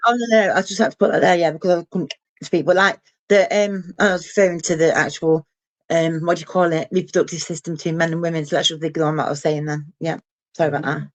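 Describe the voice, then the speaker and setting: A woman's voice: low voice, steady tone, fast. Woman, geordie accent, hesitant, apologetic, casual chat. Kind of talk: casual chat on a live stream.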